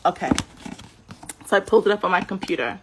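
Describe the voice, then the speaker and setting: A woman giving a casual scripture teaching on a livestream, chatty and animated, often saying "like", talking into a computer webcam mic. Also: lowish voice, fast talker, noisy background. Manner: chatty and animated, many "like"s, laughs. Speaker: spiritual teacher.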